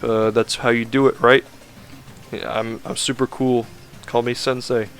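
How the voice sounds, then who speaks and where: A man's voice: mid-range voice, little pitch movement, a little slow, fairly bright tone, soft background music. A man voicing an arrogant, bossy male mentor who sounds smug and demanding.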